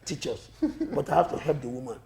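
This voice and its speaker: A man with a Nigerian accent, a guest comedian telling a funny story in an animated way and laughing often. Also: mid-range voice, a little fast, vocal fry. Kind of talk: comic storytelling. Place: studio.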